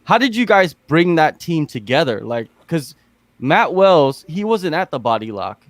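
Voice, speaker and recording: This time the American host's voice is a little high, with big pitch swings and an unhurried pace, and there's no echo. He chats on his podcast in a laid-back style, asking loose, rambling questions padded with fillers.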